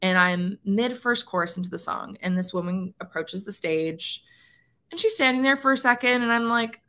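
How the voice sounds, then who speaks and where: A woman's voice: mid-range voice, moderate pace, pushed and bright. A woman from Canada, a country singer, chatting casually as a guest, with lots of "like" and "um" fillers. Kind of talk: casual interview chat.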